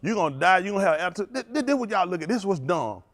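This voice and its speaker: Animated preacher man with a high, swooping voice. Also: rapid-fire. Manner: animated, confrontational preaching with congregation call-outs. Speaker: pastor. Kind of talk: sermon.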